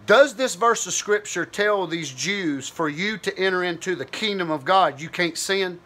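A man's voice: high-pitched, animated, moderate pace, pushed and bright. A man giving an informal Bible teaching, thinking aloud in a conversational, searching way with frequent restarts.

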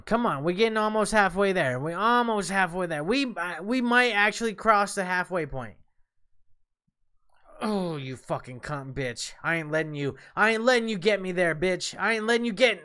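A man streaming a game live, tipsy and swearing loudly at the boss as he comments on his play. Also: fairly high pitch. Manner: profane, yelling and cursing at the game. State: tipsy from drinks and smoking.

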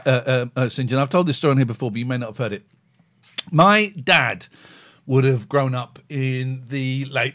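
A man's voice: mid-range voice, fairly bright tone. A man hosting a comedy talk show, chatting and ranting in mock indignation. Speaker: host. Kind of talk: comic chat, mock rant.

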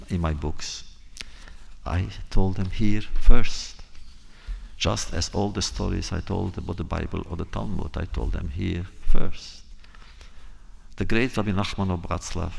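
A man's voice: deep voice, creaky, a little mellow, breathy edge, long reverb tail. An older man giving a storytelling lecture in an emphatic, reflective way.

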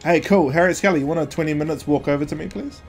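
A man chatting with friends while playing an online shooter. He shouts and swears when things go wrong. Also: a little high, very fast, faint music behind. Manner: excitable, swears loudly, shouts when killed. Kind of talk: casual gaming chat.

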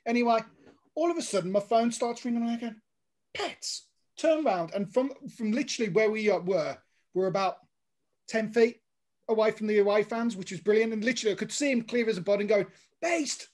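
A man's voice: sits high, quick pace, a little mellow. A man in a casual chat, telling a story with energy and acting out the other people's lines. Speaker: podcast guest.

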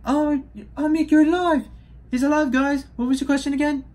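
A young man voicing a big, friendly male rock creature with a New Zealand accent in a goofy, high put-on voice. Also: steady tone, fairly quick, darkish tone. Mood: overjoyed.

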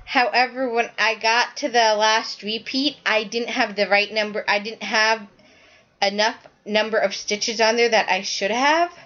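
A woman's voice: on the high side, fairly even intonation, a little slow, fairly bright tone, highs cut off. A woman hosting a knitting podcast, chatting casually and rambling as she shows her work to the camera, often correcting herself mid-sentence.

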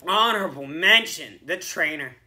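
A man's voice: on the high side, expressive, normal speed. A young man co-hosting a podcast, recapping a hockey game in rambling, profane casual chat. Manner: rambling, profane, swings from mumbling to shouting. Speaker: podcast co-host.

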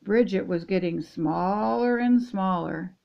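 A grandmother, an older woman, reads a children's picture book aloud with gentle, steady storytelling. Her mid-range voice is slow and creaky, and the recording is muffled.

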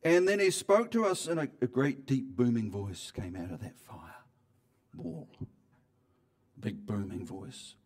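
A man preaching a sermon in church, talking conversationally with frequent restarts and swings between loud emphasis and quiet asides. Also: medium pitch, lively intonation, measured pace. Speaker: pastor.

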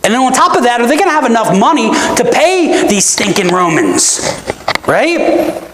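Lively, echoey preacher in a church. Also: medium pitch, normal speed, background noise. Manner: conversational preaching, asks the audience "right?" often; emphatic, with rhetorical questions. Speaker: pastor. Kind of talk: sermon. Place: church sanctuary. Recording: roomy church echo.

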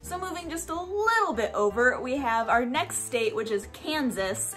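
A woman with a slightly high voice talks through a recipe in her home kitchen. Her casual, chatty cooking talk explains each step plainly, with faint music playing behind her. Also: animated, moderate pace, fairly bright tone. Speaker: cooking vlogger.

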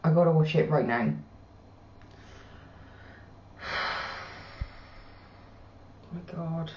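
A woman hosting a reaction video, giving live commentary full of swearing and emotion, moving from hushed murmurs to excited shrieks. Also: low-pitched, drawn-out words. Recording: dull, roomy home recording.

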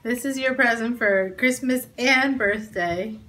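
A woman in her twenties talking to the camera in a casual home vlog, excitable and quick to laugh. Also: fairly high pitch. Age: 20s. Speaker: vlogger. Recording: noisy home recording.

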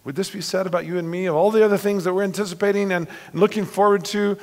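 A man's voice: sits high, fairly even intonation, fast talker. Male preacher in a reverberant church. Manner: earnest preaching, storytelling with emphatic lists. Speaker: pastor. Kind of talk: sermon. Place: church sanctuary. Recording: long reverb of a church hall.

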